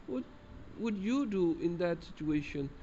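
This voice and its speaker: A man voicing a sweet, shocked young woman in a breathy falsetto while reading a game aloud. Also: expressive, measured pace, mellow, dull audio, a little hiss or hum.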